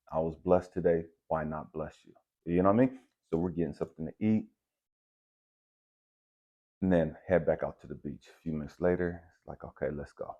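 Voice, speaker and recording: A man's voice: deep voice, highs cut off. A man telling a personal story in a casual, conversational way, mixing slang with spiritual reflection. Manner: relaxed, conversational, uses slang like bet and dap. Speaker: channel host.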